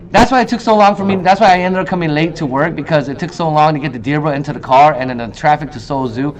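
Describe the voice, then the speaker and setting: A man in his thirties hosts a casual talk show, chatting straight to his viewers. His voice sits a little high for a man, and he tells stories with lots of energy, jumping into quoted lines. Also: quick pace, hardly any pauses. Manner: animated storyteller, acts out quoted lines in a higher voice. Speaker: host. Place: in Korea.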